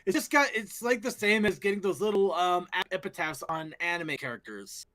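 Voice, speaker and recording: A man co-hosting a casual fan talk show, excitable and quick to swear, often restarting his sentences. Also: high-pitched. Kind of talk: casual chat.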